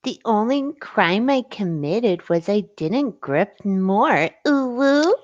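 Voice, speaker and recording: A woman's voice: medium pitch, expressive, slow, dry recording, dull audio. A woman putting on a mock-innocent baby voice, sing-song with cutesy "ooh woo" sounds.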